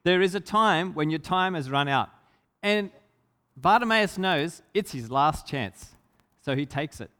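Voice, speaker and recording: A man's voice: a little high, expressive, unhurried, fairly bright tone. A man preaching a sermon, telling a story with emphasis and asking the congregation rhetorical questions. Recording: long hall reverb.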